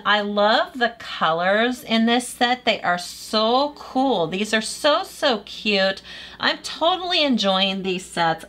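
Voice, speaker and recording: A woman's voice: mid-range voice, fairly bright tone. A woman gushing enthusiastically as she reviews press-on nails in a casual vlog. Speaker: nail product reviewer.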